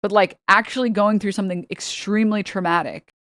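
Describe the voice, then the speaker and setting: A woman's voice: mid-range voice, steady tone, brisk, fairly bright tone, no room sound, clean studio sound. A woman streamer in a casual reaction stream, ranting heatedly with a lot of swearing and talking straight to her chat. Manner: heated, profane, exasperated ranting.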